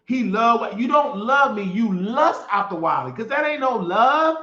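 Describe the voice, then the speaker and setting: Male host, high-pitched and tense, gossip rant, roomy lo-fi sound. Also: animated, unhurried, few pauses, pushed and bright. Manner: sassy, mocking, repeats phrases for emphasis. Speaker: show host. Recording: echoey room, dull lo-fi sound.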